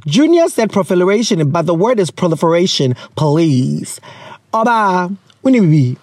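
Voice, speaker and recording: A man's voice: high voice, very animated, normal speed, darkish tone, no room sound, studio quality. A man in his thirties hosting a casual chat show, playful and chatty, mixing in local slang. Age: 30s. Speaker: podcast host.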